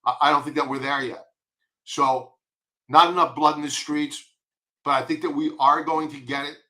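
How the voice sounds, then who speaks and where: A man's voice: fairly high pitch, fairly even intonation, normal speed, sharp tone. A man with a Long Island accent giving blunt, emphatic stock chart commentary, repeating his warnings. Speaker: market commentator.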